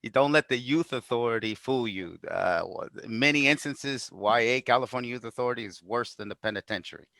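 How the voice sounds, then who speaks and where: A man's voice: mid-range voice, brisk, few pauses, pushed and bright, no echo, clean studio sound. A man co-hosting a podcast makes emphatic points in casual chat. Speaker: podcast co-host.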